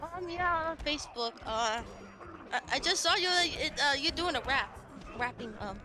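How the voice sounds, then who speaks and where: A woman's voice: sits high, animated, normal speed, crowd noise. A woman on a stream call, speaking hesitantly with many fillers. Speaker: stream guest. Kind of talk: casual chat. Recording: noisy background.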